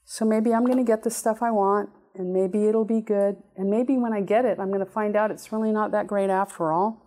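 A woman preaching a sermon in an animated, playful way, with sudden high exclamations. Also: fairly quick, hardly any pauses. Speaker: speaker giving a talk.

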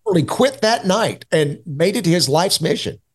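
A man who is a guest on a podcast, telling stories in a lively way and laughing easily. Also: sits high, normal speed, husky. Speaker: podcast guest, radio station owner. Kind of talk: casual interview chat.

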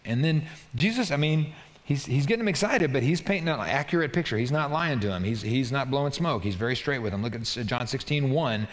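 A man preaching a sermon in a lively, conversational way, often checking in with his listeners. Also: mid-range voice, big-room sound. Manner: animated, conversational, frequent "right?" asides. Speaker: pastor.

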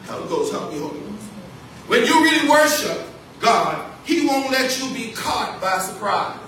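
A pastor delivers a fervent sermon in a high, ringing voice with a bright edge. He drives points home by repeating them and checking in with the congregation. The sound comes from a distant mic in a very echoey church hall with faint background noise. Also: sing-song, moderate pace. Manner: fervent preaching, repeating key phrases, calling out to the congregation. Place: church sanctuary.

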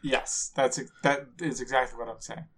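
A man's voice: mid-range voice, steady tone, fairly bright tone. A man co-hosting a podcast in casual chat, laughing often, teasing his partner, and restarting his sentences. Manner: giggly, teasing, halting restarts. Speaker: podcast co-host.

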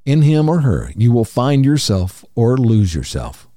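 Calm male podcast host reading quotes. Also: mid-range voice, a little slow, no echo, studio quality.

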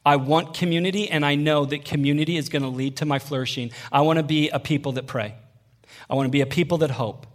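Animated man preaching a sermon. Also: a little high. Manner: animated, conversational preaching with call-and-response. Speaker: young adults pastor.

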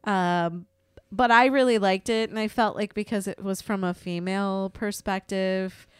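Woman, casual podcast co-host; smooth voice, dry close sound, lively swearing storyteller. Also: medium pitch, moderate pace, dry recording. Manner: chatty, swears freely, animated storytelling. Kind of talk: casual chat.

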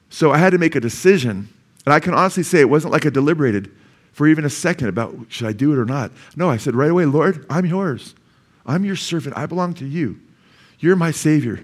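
A middle-aged male pastor giving a conversational sermon, mixing personal stories with scripture and asking "amen?" often. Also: mid-range voice. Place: church.

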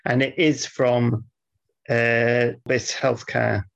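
A man co-hosting a podcast, dry and deadpan, grumbling in casual banter. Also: medium pitch, drawn-out words, vocal fry, dull audio. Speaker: podcast co-host.

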